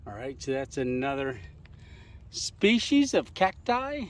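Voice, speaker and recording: Hiking through desert hills, a travel vlogger talks to his camera in a chatty manner and laughs often. His medium-pitched voice has big pitch swings, and he takes his time with casual commentary.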